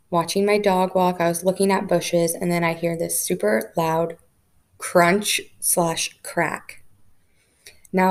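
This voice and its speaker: A woman's voice: lowish voice, a little mellow. A young adult woman hosting a spiritual podcast, telling stories in a chatty way with lots of "like" fillers. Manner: chatty storytelling, frequent "like" fillers. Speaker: podcast host. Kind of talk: casual spiritual podcast talk.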